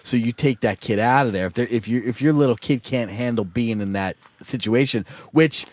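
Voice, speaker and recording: A man's voice: mid-range voice, normal speed. A man co-hosting a podcast, speaking in an easygoing, reflective way and often correcting himself. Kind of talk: casual chat.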